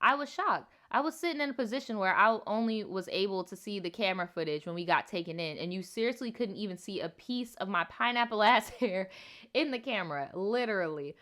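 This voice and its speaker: Bright-voiced sassy woman streamer. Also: mid-range voice, fairly quick. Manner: sassy, profane, animated commentary with slang. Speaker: storytime host reading viewer stories. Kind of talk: casual livestream storytime chat.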